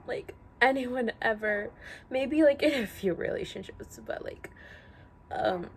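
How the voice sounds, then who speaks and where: Slow-talking young woman vlogger. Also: fairly high pitch. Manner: halting, many fillers, near tears. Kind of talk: emotional personal vlog talk. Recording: faint background noise.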